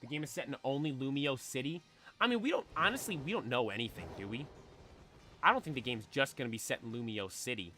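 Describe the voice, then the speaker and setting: A young man streaming casually, chatting excitedly and belting out theme songs. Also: mid-range voice, quick pace, soft background music. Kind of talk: casual chat while shiny hunting.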